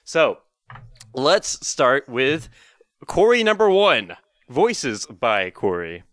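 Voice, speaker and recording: Lively teasing male podcast host. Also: medium pitch, extremely slow, dry recording, studio quality. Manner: playful, teasing, laughs often, stammers. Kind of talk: casual podcast interview.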